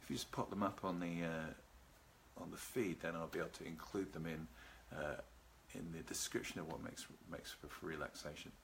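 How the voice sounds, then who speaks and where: Male host for a relaxation talk, low and calm, leisurely delivery. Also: vocal fry, slight background noise. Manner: calm, unhurried, greets live viewers by name. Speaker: seminar host. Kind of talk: live video talk on relaxation. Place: at home with a garden behind.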